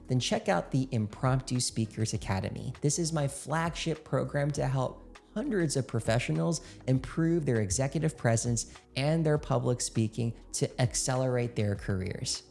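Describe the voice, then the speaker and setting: A man's voice: mid-range voice, dark tone. Upbeat man coaching speech skills. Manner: upbeat, coaching, demonstrates exercises aloud. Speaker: speaking coach. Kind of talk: direct-to-camera instructional talk.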